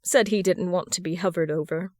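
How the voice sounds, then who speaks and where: A woman reading the part of a polite older gentleman with a slight accent, speaking formally and courteously in a dry, close recording. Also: fairly low pitch, fairly even intonation, a little fast, no room sound, close to an everyday voice. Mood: resigned.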